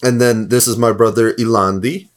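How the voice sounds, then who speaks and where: A man's voice: mid-range voice, fairly even intonation, normal speed. A man playing in a tabletop game, speaking in character in long, run-on sentences. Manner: rambling, run-on. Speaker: player. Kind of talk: casual in-character chat.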